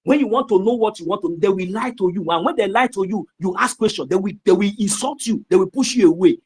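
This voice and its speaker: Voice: medium pitch, fast talker, breathy edge. An activist with a Nigerian accent giving an impassioned address in a live audio room, scolding and emphatic, repeating phrases. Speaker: activist speaker.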